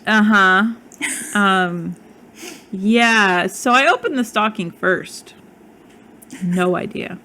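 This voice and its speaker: A woman chats as a podcast co-host, laughing easily. She talks slowly and unhurriedly. A faint hiss sits under the recording. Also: mid-range voice, pushed and bright. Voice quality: lisp. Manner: chatty, laughs often. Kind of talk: casual chat.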